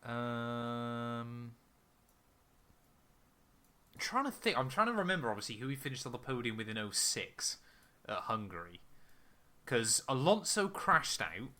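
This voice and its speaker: A young man co-hosting a podcast in casual chat, thinking aloud and filling gaps with ums. His voice is bright and lively, rising and falling a lot. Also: mid-range voice, a little slow, pauses often. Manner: thinks aloud with many ums, quiz answers. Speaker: podcast co-host.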